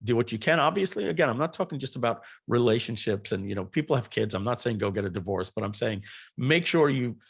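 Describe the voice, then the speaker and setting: A middle-aged man, a guest on a podcast, telling stories in an animated, rambling way and often repeating words. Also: medium pitch, fast talker, gravelly, breathy edge. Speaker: guest entrepreneur. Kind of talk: podcast interview storytelling.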